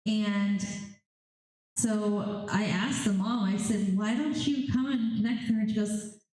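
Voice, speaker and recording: A woman's voice: mid-range voice, fairly even intonation, unhurried, mellow. A woman medium telling stories on a convention panel, animatedly acting out the voices of spirits and clients. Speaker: psychic medium. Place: large convention hall. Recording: very echoey hall.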